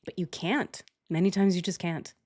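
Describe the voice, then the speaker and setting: A young adult woman streamer telling a personal story in casual chat, candid and animated, acting out shouted quotes. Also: fairly low pitch, normal speed, breathy edge.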